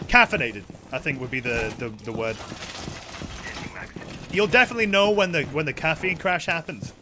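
A man's voice: fairly high pitch, animated, moderate pace, background noise. A tired man streaming a game, rambling and joking with his chat in casual talk. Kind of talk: casual live-stream chatter while gaming.

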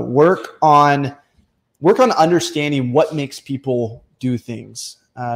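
Animated young man coaching casually. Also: medium pitch. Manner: energetic, joking, breaks into animated voices for quoted people. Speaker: online bookselling coach. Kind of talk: casual instructional talk to camera.

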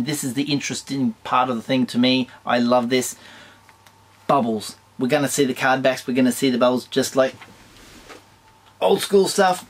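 An Australian man with an ordinary mid-range voice hosts a toy collecting channel, casually chatting through the latest toy news. He's relaxed and talkative, sliding from eager enthusiasm into dry, wry little jokes.

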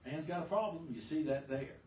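A male pastor preaching a sermon in a church, emphatic, swinging between loud and soft and asking the congregation questions. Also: a little high, brisk. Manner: emphatic, rises and drops sharply in volume, asks the congregation questions. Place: church sanctuary. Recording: echoey church room, far mic.

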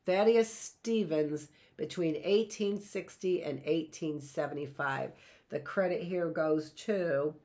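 A middle-aged woman with a fairly low voice teaches a live history lesson, reading from notes but breaking off into chatty asides and rhetorical questions.

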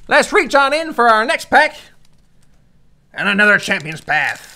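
A YouTuber gives excitable, hyped-up commentary while opening trading card packs and calling out each card. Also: high voice. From Newfoundland, Canada. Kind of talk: casual pack-opening commentary.

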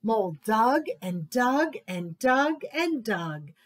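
A woman librarian reading picture books aloud to children at story time, expressive and sing-song. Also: fairly high pitch, slow.

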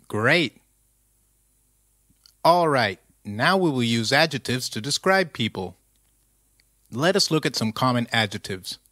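A man's voice: mid-range voice, pushed and bright, no room sound, studio quality. A man narrating a scripted language lesson, speaking carefully and repeating phrases for the learner to say back. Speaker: language teacher.

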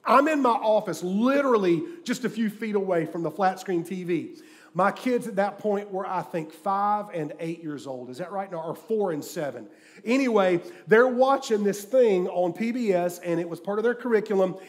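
A middle-aged preacher with a high, bright voice works the room like a storyteller. He drops into hushed asides, then bursts out loud for the punchlines of his jokes. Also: lively intonation, normal speed. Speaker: guest preacher. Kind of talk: sermon. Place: church sanctuary with live audience.

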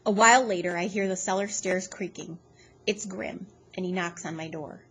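A woman's voice: lowish voice, normal speed, fairly bright tone, a little hiss or hum. Woman reading a novel aloud. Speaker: audiobook reader.

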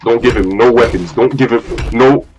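A man's voice: medium pitch, normal speed, noisy background. A young man giving live commentary while playing a ranked fighting game, swearing, trash-talking and repeating his phrases. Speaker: gamer. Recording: faint game music behind.

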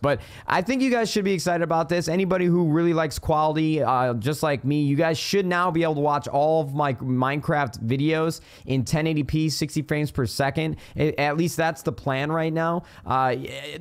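A young man hosting a casual let's-play, chatty and excitable, swearing now and then, talking into a studio mic on a boom arm at his home gaming setup. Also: a little fast, hardly any pauses, smooth. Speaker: gaming YouTuber host.

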